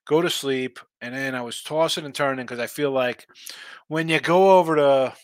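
A man's voice: mid-range voice, normal speed, no room sound. A man hosting a sports betting live stream, tired and yawning, rambling through picks and reading viewer chat aloud. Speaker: sports betting show host.

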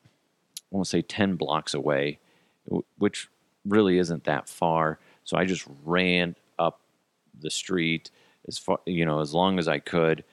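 A man hosting a podcast, telling a profane, animated story in a casual way and laughing at his own jokes. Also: sits low, a little slow, no echo. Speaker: podcast host.

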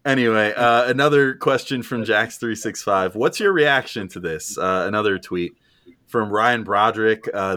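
A man's voice: lowish voice, normal speed, sharp tone. A man co-hosting a podcast, reading out listener questions in a loose, laid-back way and swearing casually. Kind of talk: casual chat.

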